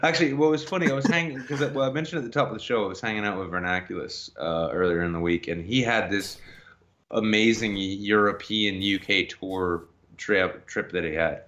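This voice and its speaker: A man's voice: on the low side, a little fast, fairly bright tone. Guy cohosting a podcast, crude jokey banter, kinda muffled lo-fi mic. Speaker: podcast co-host. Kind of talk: casual live-stream chat.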